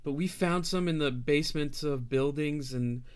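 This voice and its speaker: A frazzled, ragged mother rambles on, her voice lifted high and tight with nerves, as a man puts her on. She spills every worry at once in a breathless run for a tabletop game. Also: normal speed, clean tone, natural voice. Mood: anxious. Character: frightened ragged human mother, chatty and rambling.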